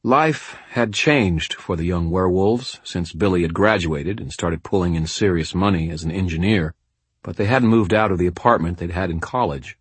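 A man's voice: low-pitched, breathy edge, no echo. A man narrating a first-person audiobook in a tense, gritty storytelling manner.

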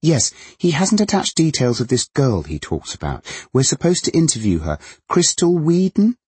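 A man voicing a jaunty young woman journalist, loud and brisk on the phone. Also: a little high, huge pitch swings, breathy edge, no echo, voice pushed up, heavily acted.

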